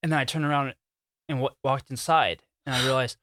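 A man's voice: mid-range voice, fairly even intonation, brisk, fairly bright tone, no echo, clean studio sound. A man co-hosting a podcast, telling a rambling story in casual chat and laughing often. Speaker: podcast co-host.

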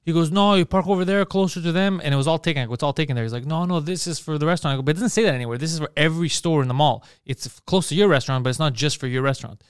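A man's voice: on the high side, rapid-fire, few pauses, clean tone, dry recording, studio quality. A man hosting a podcast, telling profane anecdotes in casual chat and acting out the dialogue. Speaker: podcast host.

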